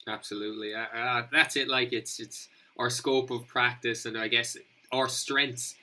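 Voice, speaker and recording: A man hosting a relaxed podcast interview. His tone is very bright and clear-edged. He agrees readily and moves the talk along with open questions. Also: mid-range voice, normal speed, poor audio. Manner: agreeable, laughs easily, asks open questions. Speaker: podcast host.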